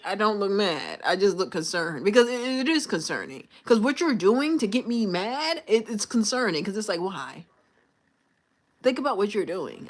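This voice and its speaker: Young woman, livestream chat, lively rising and falling pitch, fairly high voice. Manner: animated storytelling, acts out coworkers and manager. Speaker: livestream host. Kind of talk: casual livestream chat with viewers.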